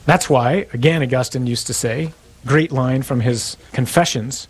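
A man's voice: medium pitch, measured pace, husky. A man preaching a sermon to his parish in a conversational, storytelling way.

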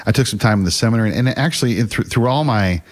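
A man's voice: mid-range voice, rapid-fire. A middle-aged man talking as a guest in an earnest, casual way, with occasional stammers and restarts. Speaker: guest, faith class teacher. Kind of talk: casual conversational storytelling.

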